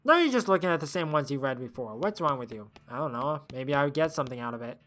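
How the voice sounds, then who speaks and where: A streamer playing a game who reads the text aloud, thinks out loud and often trails off with fillers. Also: medium pitch, lively intonation, fast.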